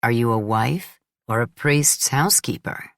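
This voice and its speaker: A woman reading an audiobook, voicing a sarcastic, quick-witted young man who mocks his host. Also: a bass voice, no room sound, clean studio sound, pitched below the performer's own voice. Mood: mocking. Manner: teasing, sarcastic. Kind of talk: audiobook character voice.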